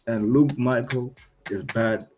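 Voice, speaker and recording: Husky-voiced man stammering in banter. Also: medium pitch, slow pace, a little mellow. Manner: stammering, defensive, repeats himself. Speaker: MMA podcast co-host. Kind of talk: casual sports banter.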